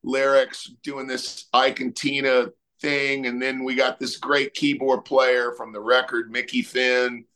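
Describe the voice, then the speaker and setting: Speaking a little slowly with few pauses, a middle-aged Texan musician uses a medium-pitched voice. As an interview guest, he spins relaxed, loose stories full of fillers.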